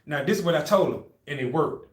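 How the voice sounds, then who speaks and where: A young man with a lively storytelling manner, chatting on a podcast. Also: on the high side, fast, roomy sound. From Brooklyn, New York. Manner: animated storyteller acting out quotes. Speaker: podcast co-host. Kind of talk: casual storytelling chat.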